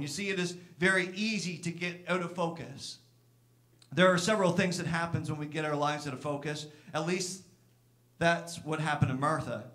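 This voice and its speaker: Preaching man with a higher voice. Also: fairly bright tone. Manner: earnest, acts out Martha's complaints with raised pitch. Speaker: pastor. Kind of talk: sermon. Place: church.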